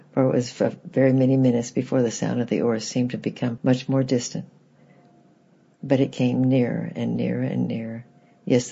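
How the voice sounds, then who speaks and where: A man reading a children's book aloud in gentle, plain storybook narration, with a husky, gravelly voice. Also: mid-range voice, lo-fi sound.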